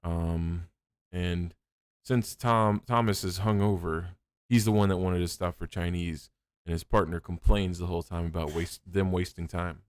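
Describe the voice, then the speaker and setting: A podcast host who suggests what happens next in a relaxed, halting way, full of ums. His voice is very deep, smooth and slow, and it is recorded dry and close. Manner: casual, halting, with fillers. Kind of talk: improvising story prompts.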